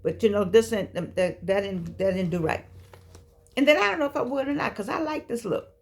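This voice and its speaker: A woman's voice: medium pitch, expressive, a little fast. A woman, giving a chatty, emphatic motivational talk to camera. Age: 60s. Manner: chatty, preachy, folksy and emphatic. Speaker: vlogger speaking to seniors.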